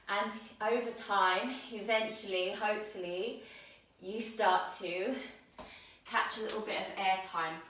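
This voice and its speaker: Breathless woman guiding yoga in an echoey room. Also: mid-range voice. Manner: calm, guiding cues while demonstrating. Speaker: yoga teacher. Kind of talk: instructional yoga class. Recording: very echoey room, mic at a distance.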